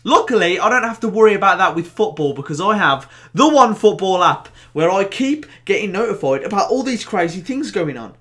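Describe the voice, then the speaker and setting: Lively young Birmingham-accented man. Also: high-pitched, brisk, few pauses. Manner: animated and jokey, bursts of excitement. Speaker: football vlog host. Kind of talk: casual to-camera football chat.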